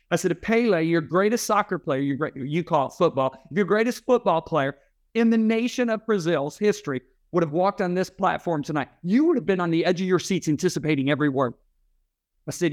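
A middle-aged man with a fairly high voice recounts a story as an interview guest. He talks emphatically, like a preacher, and slips into the voices of the people he quotes. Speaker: interview guest, Christian author and speaker. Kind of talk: animated storytelling.

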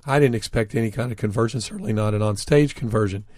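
A man's voice: fairly low pitch, quick pace, a little mellow, no echo, studio quality. A man, an author and interview guest, telling anecdotes in an earnest, reflective way. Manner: reflective, earnest, recounts dialogue.

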